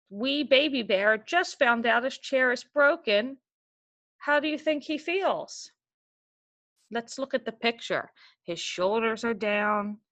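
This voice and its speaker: A woman teacher gives a reading lesson, reading a story aloud slowly and stopping to explain it. She is patient and keeps asking the listener questions, in a voice pitched a little higher than most. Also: bright, forceful tone.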